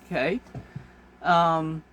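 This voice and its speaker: A woman's voice: low-pitched, steady tone, extremely slow, a bit bright, highs cut off, slight background noise. A woman vlogger delivers an exasperated, emphatic rant to camera, repeating her points for force. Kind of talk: ranting monologue to camera.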